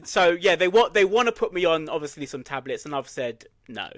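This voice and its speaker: A man, co-hosting a casual podcast chat as an animated storyteller who laughs at himself. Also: on the high side, brisk. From England. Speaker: podcast co-host.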